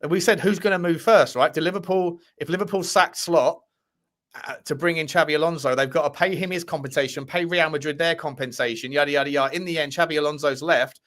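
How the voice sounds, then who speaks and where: A man's voice: fairly high pitch, fast, fairly bright tone. A man co-hosting a casual football news chat, jokey and full of restarts and fillers. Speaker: co-host of a football news show.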